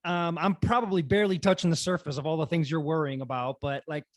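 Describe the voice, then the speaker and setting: A man's voice: on the high side, steady tone, quick pace, no room sound, studio quality. A man hosting a casual interview, laid-back and encouraging, asking questions. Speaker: podcast host.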